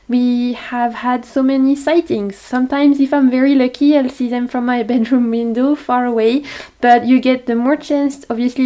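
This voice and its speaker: High-voiced french woman vlogging about tarot decks, chatty and giggly. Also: warm tone. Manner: bubbly, chatty, laughs often. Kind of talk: casual chat to camera. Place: home on a tropical island. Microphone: camera facing the speaker.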